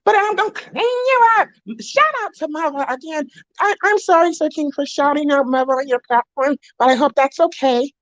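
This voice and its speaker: A woman's voice: sits high, normal speed, no room sound, highs cut off. A young woman on a live stream, rambling in a giggly, worked-up rant. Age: young adult. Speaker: stream guest.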